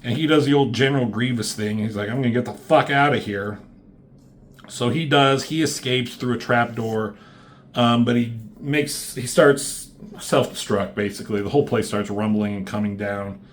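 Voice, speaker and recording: A man of middle pitch talks through a comic book plot in a loose, rambling way. He curses freely and keeps his tone offhand, like a casual reviewer chatting to his viewers. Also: moderate pace.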